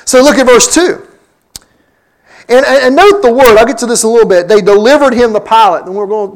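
High-voiced man preaching a sermon. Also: rough recording. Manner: explains scripture verse by verse, acting out quoted lines. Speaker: pastor. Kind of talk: sermon teaching.

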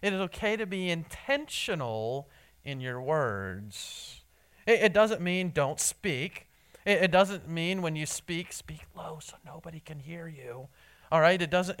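Earnest male pastor preaching, slightly high voice. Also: clear, resonant tone. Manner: earnest, repeats and restarts words, swings between loud and soft. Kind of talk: sermon. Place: church.

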